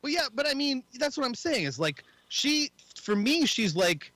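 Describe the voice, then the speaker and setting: A man's voice: very high voice, big pitch swings, normal speed, bright, forceful tone, no echo, low-quality recording. A man co-hosting a podcast in casual chat, rambling with frequent restarts and casual swearing. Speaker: podcast co-host.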